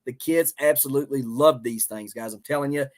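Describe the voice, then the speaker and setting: Southern man, homestead host, casual rambling livestream talk, middle pitch. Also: a little fast, darkish tone. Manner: rambling, folksy, many fillers.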